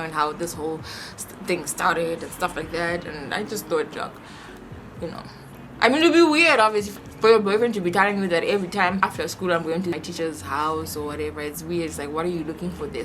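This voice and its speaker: A young woman telling a personal story in a chatty, animated vlog style, full of rhetorical questions. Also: fairly low pitch. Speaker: vlogger. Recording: music playing under voice.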